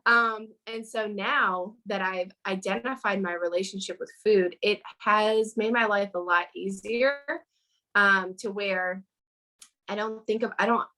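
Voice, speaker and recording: A woman's voice: mid-range voice, fairly even intonation, unhurried, bright, forceful tone, rough recording. A woman speaking as a guest in a casual interview over a video call, earnest and chatty with lots of fillers.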